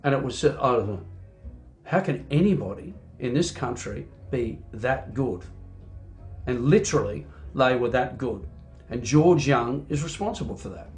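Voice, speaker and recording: A middle-aged Australian man, a rock singer, chatting in an interview as an animated storyteller who fills his talk with "you know". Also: mid-range voice. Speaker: singer and band frontman. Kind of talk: casual interview chat.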